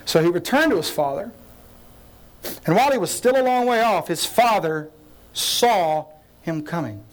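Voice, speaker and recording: Animated storytelling male pastor. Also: on the high side. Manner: animated storytelling, acts out scenes, addresses listeners directly. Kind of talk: sermon.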